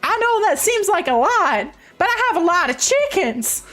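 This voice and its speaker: A woman's voice: extremely high pitch, big pitch swings, normal speed, fairly bright tone, soft background music, voice pushed up, exaggerated voice. A woman voicing a chirpy Southern farm woman with a put-on Southern US drawl, folksy and giggly. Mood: folksy boasting.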